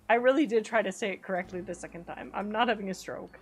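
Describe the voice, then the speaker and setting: A young woman streaming a cozy life-sim game, chatting casually with viewers, giggling often and breaking into excited squeals. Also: mid-range voice, fast, breathy edge. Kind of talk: casual live-stream chat over gameplay.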